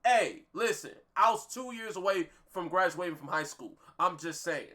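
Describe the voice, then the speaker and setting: Excitable, bright-voiced young man reacting. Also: high-pitched, normal speed, a little hiss or hum. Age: 20s. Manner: excitable, repeats himself, laughs loudly. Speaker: reaction video host. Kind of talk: casual reaction commentary.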